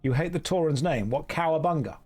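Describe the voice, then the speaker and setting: Joking British streamer man, slightly high voice. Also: lively intonation, a little fast, darkish tone, husky. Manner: joking, reads viewer chat aloud and riffs on it. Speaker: game streamer. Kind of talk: casual live-stream chat.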